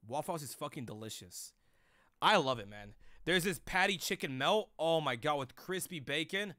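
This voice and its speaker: A man's voice: fairly high pitch, lively intonation, normal speed, sharp tone, no room sound, clean studio sound. A young man streaming live, chatting loosely with chat in rambling, profane slang.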